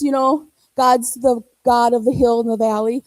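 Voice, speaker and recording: A woman's voice: fairly high pitch, flat delivery, normal speed, no echo, poor audio. A woman in her forties preaching a sermon in church, telling stories with animation and acting out quoted voices.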